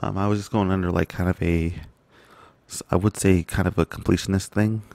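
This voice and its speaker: A young man quietly commentating his own gameplay, halting and full of fillers, cursing under his breath when stuck. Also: low-pitched, steady tone, vocal fry, no room sound. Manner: quiet, halting, muttering with frequent fillers and curses. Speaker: gaming channel host. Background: game music.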